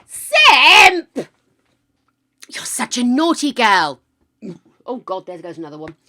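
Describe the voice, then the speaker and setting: A woman's voice: mid-range voice, sing-song, normal speed, a bit bright. An older woman hosting a live stream, chatting casually with viewers in a gushing, easily overexcited way. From United Kingdom. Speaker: livestream host.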